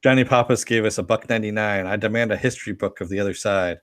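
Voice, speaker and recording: A man's voice: fairly low pitch, fast talker, a bit bright, no echo, clean studio sound. A man co-hosting a podcast, chatting casually about a TV episode, laughing often, swearing now and then and reading out viewer comments. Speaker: podcast co-host. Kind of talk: casual chat reviewing a TV episode.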